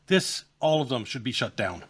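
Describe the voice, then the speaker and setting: A man delivering pointed political commentary at an average pitch. He speaks in a measured way and pauses often on filler sounds as he builds his argument. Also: expressive, fairly bright tone, husky. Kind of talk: opinionated commentary.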